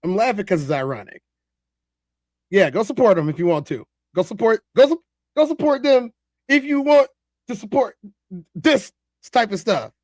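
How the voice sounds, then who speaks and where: Laughing and animated, a man hosts a live stream reacting to a video, chatting with his viewers and reading their comments aloud. His voice is very high and moves at a normal speed. The studio-quality recording has no echo.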